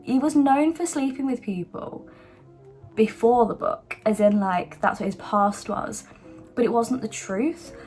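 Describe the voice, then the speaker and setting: A young woman chatting casually and gushing about a book she is reading, with lots of fillers. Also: on the high side. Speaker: book vlogger. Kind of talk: casual book review vlog. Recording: soft background music.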